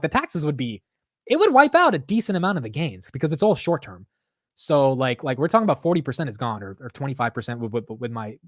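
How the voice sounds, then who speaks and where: A man hosting a live stock market stream, talking excitedly and profanely straight to his chat. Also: medium pitch, dry recording, studio quality. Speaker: stock market livestream host. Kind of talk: casual live market commentary.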